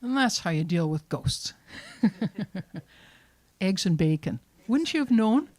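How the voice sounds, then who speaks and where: A woman hosting a storytelling event, finishing a folk tale in a relaxed manner and introducing the next teller. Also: medium pitch, takes it slowly. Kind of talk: storytelling to a live audience.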